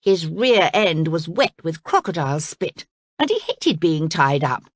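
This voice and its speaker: Woman reading a children's story, lively. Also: sits low, unhurried, no room sound, clean studio sound. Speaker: storybook reader. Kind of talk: children's story read aloud.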